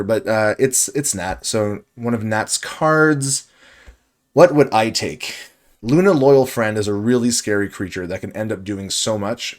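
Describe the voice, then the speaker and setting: A man giving live commentary on a card game match as the stream host, thinking aloud, weighing options and correcting himself as he goes. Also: on the low side. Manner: chatty, self-correcting.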